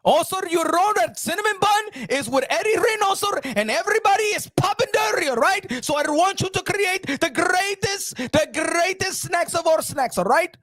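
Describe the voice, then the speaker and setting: A man's voice: very high voice, lively intonation, normal speed, few pauses, no echo, studio quality. A man doing a comic impression of a scheming, bossy middle-aged boxing promoter who barks demands and repeats himself. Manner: demanding, repeats questions, bursts into shouts.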